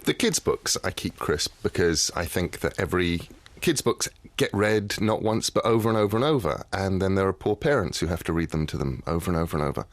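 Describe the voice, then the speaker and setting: A man's voice: low-pitched, animated, brisk, no room sound. A man guesting on a radio interview as an author, telling stories in a dry, wry way in a studio.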